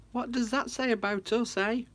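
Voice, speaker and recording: A woman's voice: on the high side, a little hiss or hum. A woman chatting casually to viewers on a craft livestream from her room at home. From United Kingdom. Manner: chatty, talks to viewers, frequent laughs.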